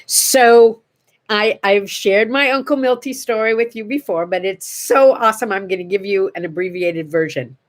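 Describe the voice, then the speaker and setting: An older woman hosting a casual morning chat, telling stories in an animated way and acting out the voices in them. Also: mid-range voice, normal speed. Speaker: host.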